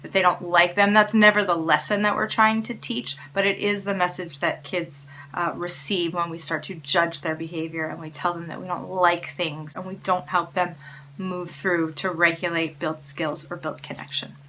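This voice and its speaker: A woman's voice: on the low side, level tone, normal speed, sharp tone, a little hiss or hum. A woman hosting parenting tips, speaking casually and encouragingly straight to her viewers. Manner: encouraging, coaching tone addressing viewers directly. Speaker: parenting educator and host. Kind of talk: casual spoken tips to camera.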